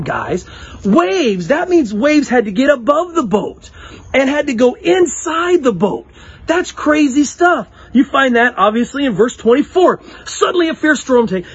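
A young man giving an animated children's sermon, talking straight to the kids and acting out the story. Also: extremely high pitch, breathy edge, highs cut off. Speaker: youth pastor. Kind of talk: children's sermon with object lesson.

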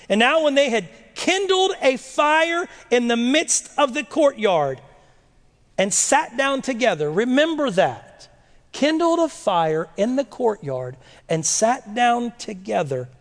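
A man preaching a sermon, reading scripture slowly and breaking in with lively rhetorical questions. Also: very high voice. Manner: animated, rhetorical questions, dramatic slow readings. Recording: long echo of a large hall.

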